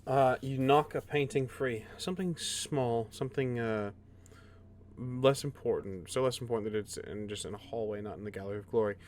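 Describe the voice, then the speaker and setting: A man narrating a tabletop fantasy game as game master, with measured, formal replies to the players. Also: mid-range voice, a little mellow, a little hiss or hum.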